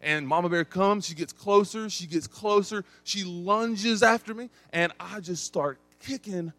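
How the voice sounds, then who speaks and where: A young adult man from East Tennessee with an East Tennessee accent, preaching a sermon and telling a story with big swings in pitch and volume. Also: measured pace, fairly bright tone, no room sound, faint music behind. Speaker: pastor.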